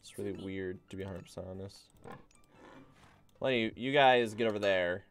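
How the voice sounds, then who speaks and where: Streaming a strategy game, this man rambles casually, barking orders at his units and letting slip the occasional swear. His voice sits fairly low and moves at a moderate pace, a relaxed run of gameplay commentary.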